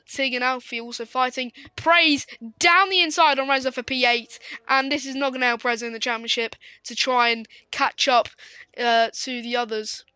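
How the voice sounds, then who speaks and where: A woman giving casual, excitable live sim racing commentary, giggling and swearing as she banters. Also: high voice, clean tone, no echo.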